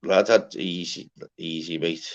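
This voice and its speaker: A man's voice: sits low, steady tone, a little slow. A man hosting a live stream, bragging and swearing in loose casual banter. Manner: boastful, slangy, swears freely. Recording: dull lo-fi stream audio.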